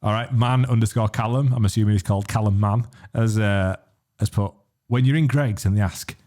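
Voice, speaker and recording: A man reads listener messages aloud on a casual podcast. His voice is fairly low. He teases his co-host between the readings. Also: a little fast, a little mellow. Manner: teasing, reads comments aloud.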